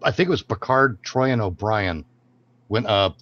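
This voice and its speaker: With an animated, fairly low and fairly bright voice at normal speed, this man co-hosts a live stream. His casual talk turns into profane rants, and the stream audio is dull, lo-fi, and noisy in the background.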